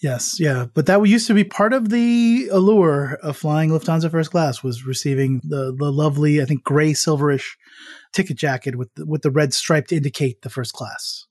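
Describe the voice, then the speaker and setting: Male podcast co-host, casual storyteller, higher-pitched, dry close recording. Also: moderate pace, darkish tone, no echo. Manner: chatty, laughs often, many restarts. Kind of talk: casual travel chat.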